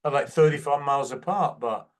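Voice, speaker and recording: A man's voice: mid-range voice, brisk. An older man with a Manchester accent, a guest musician telling stories in a casual interview and acting out quotes. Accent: Manchester English. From England. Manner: anecdotal, acts out quotes.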